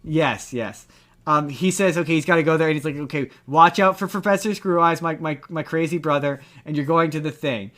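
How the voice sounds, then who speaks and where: A man co-hosting a podcast in casual chat, retelling a film scene by scene and acting out its lines. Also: fairly high pitch. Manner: animated, acts out movie lines in quick retellings. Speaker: podcast co-host.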